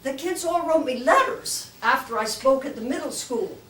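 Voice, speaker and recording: An older woman giving a lively storytelling talk to a club, acting out the voices she quotes. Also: sits high, normal speed. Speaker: guest speaker. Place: club meeting room. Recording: echoey room, mic from far off.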